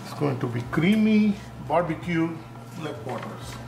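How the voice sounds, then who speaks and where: With a high-leaning voice, lively intonation, vocal fry and an unhurried delivery, this man hosts a cooking video. He explains every step with timings and keeps cautioning viewers about home-kitchen safety. An echoey room and faint noise color the recording.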